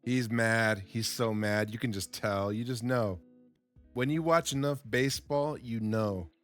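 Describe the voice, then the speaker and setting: Slow-talking man teaching simple English. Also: mid-range voice, soft background music. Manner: repeats words, reacts with excitement to the play. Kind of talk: slow, simple English lesson over game footage.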